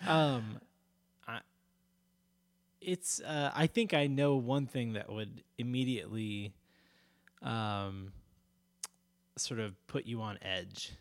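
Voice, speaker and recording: Slow, halting man chatting casually. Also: medium pitch, dry recording. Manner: rambling, halting, many fillers and restarts; teasing, laughs often. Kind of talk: casual chat.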